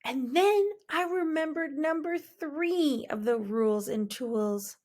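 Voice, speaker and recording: Slow, expressive woman reading a picture book. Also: high voice. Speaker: children's book reader. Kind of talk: storybook read-aloud.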